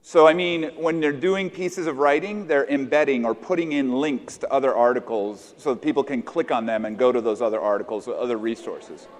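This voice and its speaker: A man's voice: medium pitch, fairly quick, hardly any pauses. American guy presenting to teachers, loose and chatty, lots of restarts, big hall echo. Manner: conversational, echoes audience answers, many restarts. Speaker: conference presenter. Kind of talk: interactive workshop talk with teachers. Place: conference hall with an audience.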